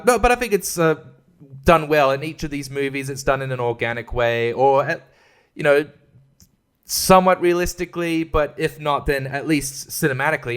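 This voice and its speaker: A young man chatting alone on his podcast, his mid-pitched voice tumbling through restarts and half-finished thoughts. He talks loosely and freely, often breaking off with small laughs. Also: fairly bright tone, smooth. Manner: rambling, self-interrupting, laughs often. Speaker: podcast host. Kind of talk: casual solo podcast chat.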